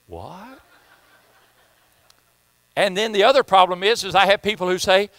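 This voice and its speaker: A man's voice: high voice, measured pace, fairly bright tone, no echo, rough recording. A man with a Southern US accent preaching a sermon as pastor, folksy and joking, often repeating himself.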